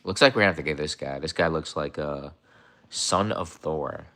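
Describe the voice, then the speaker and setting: Young man, deep low voice, casual livestream host, rambling, teasing. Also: fast, pushed and bright. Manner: rambling, repeats himself, addresses chat viewers; mocking, confrontational toward viewers.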